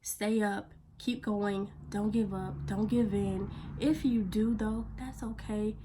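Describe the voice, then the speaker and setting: A woman vlogging in a blunt, profane pep-talk manner, sometimes dropping her voice to a soft near-whisper. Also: mid-range voice, steady tone, takes it slowly, hardly any pauses, noisy background. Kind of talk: casual motivational vlog talk.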